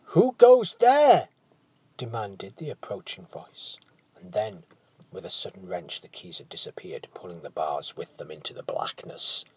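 A man narrating a storybook tale in a hushed, dramatic manner that often drops to a whisper. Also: low voice, normal speed, husky, no echo.

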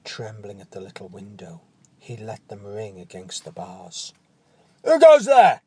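Male storyteller, slow and husky, hushed dramatic reading, often whispering, dry close sound. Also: sits low, fairly even intonation, dry recording.

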